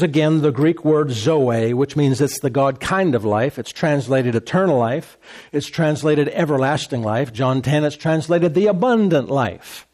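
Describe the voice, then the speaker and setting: A man's voice: fairly high pitch, a little mellow. A man preaching a sermon as a pastor, in a conversational tone, repeating phrases and asking the congregation "Amen?".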